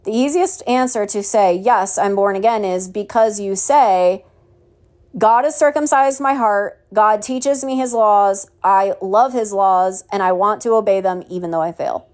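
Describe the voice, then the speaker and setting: This woman's mid-range voice has a darkish tone, running at normal speed with hardly a pause. In a home Bible study, she sermonizes mockingly, quoting scripture and throwing out rhetorical questions.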